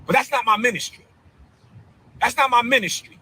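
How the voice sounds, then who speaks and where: A man in a heated live-stream rant, talking like a preacher. His voice sits high and rings bright and sharp, and he keeps breaking into incredulous, repeated outbursts. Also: brisk, slightly rough, poor audio. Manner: fiery, repetitive, confrontational preaching cadence. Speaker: bishop.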